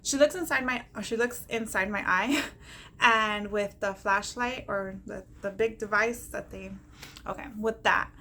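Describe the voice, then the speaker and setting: A woman with a bright, clear voice recounts a personal ordeal straight to camera in a lively vlog style. She acts out the dialogue of others along the way, laughs between lines, and turns to warm encouragement for her viewers. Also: mid-range voice, measured pace, slight background noise. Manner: animated, acts out quoted dialogue, laughs often; encouraging, faith-filled pep talk. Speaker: vlogger telling her story.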